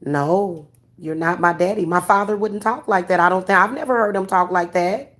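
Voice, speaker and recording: A woman's voice: on the low side, normal speed, a bit bright. Blunt, profane woman ranting to viewers. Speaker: vlogger giving spiritual readings.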